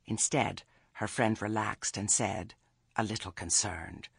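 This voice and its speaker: A man reading a story aloud in a wry, measured storytelling manner. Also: on the low side, gravelly, fairly bright tone, husky, no room sound, clean studio sound. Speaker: audiobook narrator. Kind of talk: scripted narration.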